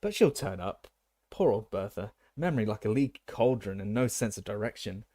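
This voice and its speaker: A man's voice: on the low side, expressive, brisk, warm tone. A man voicing a jovial, careless middle-aged male sports official who speaks breezily and heartily. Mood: breezy.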